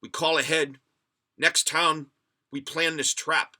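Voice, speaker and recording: A man voicing a stern male highway cop, speaking halting broken English. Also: level tone, pushed and bright, full character voice. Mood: blunt, explaining.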